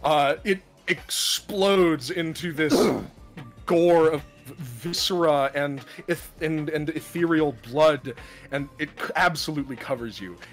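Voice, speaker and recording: A man narrating as game master of a tabletop game, dramatic and lively, laughing often. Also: a little high, slow, faint music behind.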